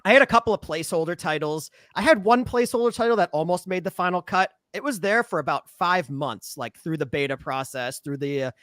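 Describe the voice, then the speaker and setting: A man's voice: high voice, expressive, fairly quick, few pauses, fairly bright tone, no room sound, clean studio sound. A man, an author, chatting casually on a podcast, self-deprecating and laughing often. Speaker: author guest.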